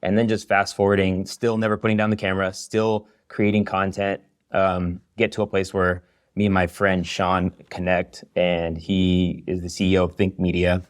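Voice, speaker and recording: A man's voice: low voice, normal speed, clean tone, dry recording, studio quality. A man in his thirties, a podcast guest who teaches video, telling his story energetically with lots of "you know". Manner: energetic, storytelling, many fillers. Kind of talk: casual interview chat.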